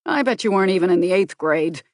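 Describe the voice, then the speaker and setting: A woman reading an audiobook, voicing a chatty, tactless male officer who talks quickly and gossips. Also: fairly low pitch, expressive, darkish tone, no room sound. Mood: teasing. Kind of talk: audiobook character voice.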